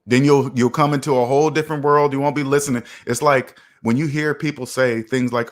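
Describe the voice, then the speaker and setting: A man's voice: mid-range voice, fairly even intonation, fairly quick, hardly any pauses. A man hosting a finance livestream. He lectures emphatically, repeats lines for effect and answers chat comments in a preachy manner. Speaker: finance channel host.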